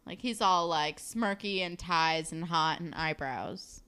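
A woman's voice: fairly low pitch, slow, bright, forceful tone, clean tone. A young woman in casual chat, expressively ranting about a TV show with lots of "like". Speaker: podcast co-host recapping a show.

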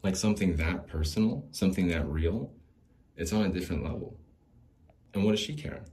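A man's voice: low voice, a little fast, darkish tone. A man hosting a podcast, talking alone in a loose, rambling way, with lots of restarts, casual swearing and laughs between thoughts. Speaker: podcast host.

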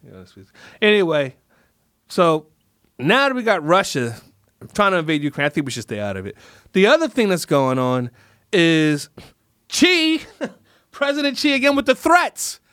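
A man's voice: high voice, big pitch swings, normal speed, pauses often, a bit bright, clear, resonant tone, no room sound, clean studio sound. A man hosting a comedy podcast, ranting in a rambling, profane way and mock-scolding world leaders. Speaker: podcast host.

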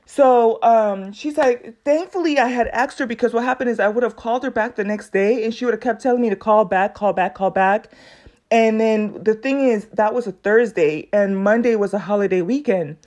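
A woman hosting her own podcast, telling a long story in a casual, animated way and acting out what other people said. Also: a little high, moderate pace. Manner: animated, acts out other people's lines in quoted voices. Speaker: podcast host.

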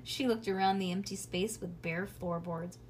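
A woman's voice: on the low side, normal speed, slight background noise. Woman casually reading a storybook. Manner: casual, lively, with small slips. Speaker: reader. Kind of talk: storybook read-aloud.

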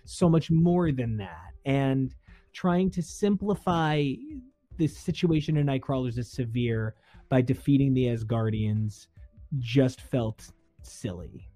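A man's voice: medium pitch, takes it slowly, mellow, no room sound. A man co-hosting a casual comics chat, critical and emphatic. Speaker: comics podcast co-host.

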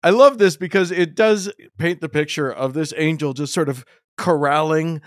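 A man hosting a casual podcast, retelling a story in an animated, joking way. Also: a little high, normal speed, no room sound, clean studio sound. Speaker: podcast host. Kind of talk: casual bible discussion.

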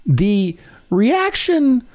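Wry, playful podcast co-host recapping a film, with a lively, varied pitch. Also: extremely slow. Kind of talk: casual chat, recapping a film.

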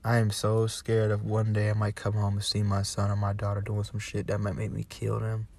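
A young man hosting a podcast, delivering an impassioned, cursing monologue that swings between yelling and quiet talk. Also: lowish voice, monotone, fairly quick, gravelly. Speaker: podcast host.

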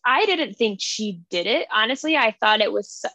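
Gravelly-voiced woman rambling about a book. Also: a little high, expressive, unhurried, sharp tone, dry recording, poor audio. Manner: rambling, filler-heavy. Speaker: book club podcast host. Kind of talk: casual chat, retelling a plot.

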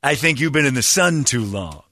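A man's voice: medium pitch, animated, moderate pace, pushed and bright, no echo, studio quality, pitched above the performer's own voice. A man voicing his sardonic, menacing old restaurant boss with a drawling delivery in a radio story. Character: gruff sardonic older male restaurant boss.

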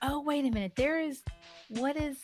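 A woman's voice: high voice, normal speed, soft background music. A middle-aged woman co-hosting a casual podcast, chatting and often searching for words. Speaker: podcast co-host. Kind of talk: casual chat.

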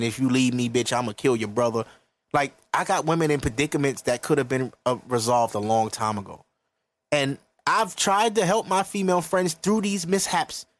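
A man's voice: medium pitch, dry recording. A man in his early thirties hosting a podcast, giving blunt, profane advice in an emphatic, lecturing rant. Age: 30s. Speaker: podcast host.

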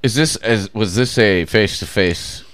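A man's voice: lowish voice, normal speed, a bit bright. A man co-hosting a podcast, trading dry, crude wisecracks in casual chat. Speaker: podcast co-host. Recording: background noise.

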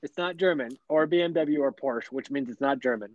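A man's voice: mid-range voice, a little fast, a little mellow, no room sound, muffled recording. A man co-hosting a casual car podcast, boisterous and jokey, needling his co-hosts. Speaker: podcast co-host. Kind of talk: casual chat.

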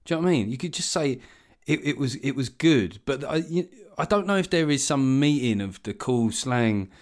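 A man's voice: medium pitch, fairly quick, darkish tone. A man, ranting in an opinionated, exasperated way during a casual chat. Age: 40s.

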